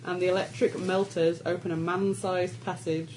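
Woman, stand-in game master, low-ish voice, casual teasing read, faint home hiss. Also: level tone, moderate pace. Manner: casual, teasing, laughs while reading. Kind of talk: reading out a tabletop game scenario.

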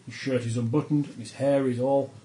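A man's voice: mid-range voice, fairly even intonation, fairly quick, mellow, low-quality recording. A man running a tabletop role-playing session as game master, narrating the scene with frequent ums and uhs.

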